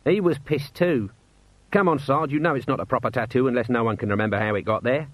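A man's voice: medium pitch, fast talker, dry recording, lightly acted, rough recording. A cheeky, dim-witted watchman, voiced by a man in about the reader's own voice. He chats along in a matter-of-fact way, close and dry to the mic. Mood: chatty.

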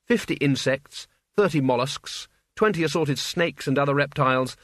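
A man narrating an audiobook in a wry, measured storytelling manner. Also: mid-range voice, fairly bright tone, dry recording. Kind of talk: scripted narration.

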